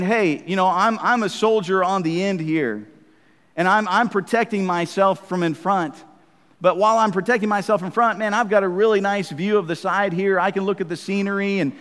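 A man preaching a sermon in a conversational, emphatic way, swinging between loud and soft. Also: high-pitched, in a large hall.

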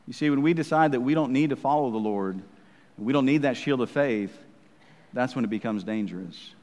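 A man preaching a sermon in a conversational, emphatic way, swinging between loud and soft. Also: mid-range voice, a little fast, big-room sound.

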